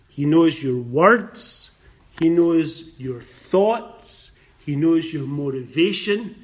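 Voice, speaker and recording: A man preaches a sermon slowly and emphatically, repeating his phrases. When he voices scripture, he rises loud and high.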